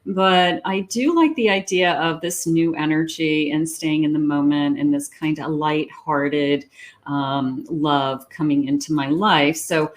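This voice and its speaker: A woman reading tarot cards aloud in a chatty, reassuring way, thinking out loud as she goes. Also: low voice, unhurried. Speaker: psychic tarot reader.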